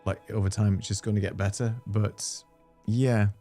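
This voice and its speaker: A man's voice: lowish voice, level tone, normal speed, warm tone, soft background music. A man hosting a casual live stream chat, easygoing and chatty with frequent fillers. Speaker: host.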